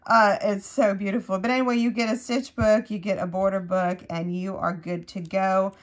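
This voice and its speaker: A woman hosting a crochet unboxing vlog in casual chat, gushing and excitable, often breaking off mid-sentence. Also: medium pitch, normal speed. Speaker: crochet channel host.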